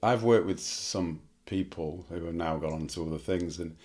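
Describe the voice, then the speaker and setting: A man with a very low voice hosting a relaxed interview. He mostly backs up his guest with short, quick agreements and adds the occasional remark of his own. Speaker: podcast host. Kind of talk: casual interview.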